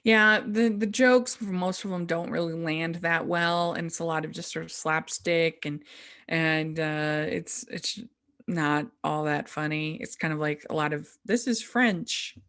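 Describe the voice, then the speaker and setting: A woman's voice: low-pitched, clean tone. A woman hosting a film review podcast, talking casually with plenty of fillers and restarts. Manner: relaxed, halting, filler-heavy. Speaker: podcast host.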